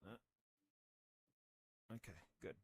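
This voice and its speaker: A young streamer chats casually while crafting on a livestream, rambling and tossing out goofy, playfully sarcastic asides. He speaks slowly, and his voice is slightly crackly.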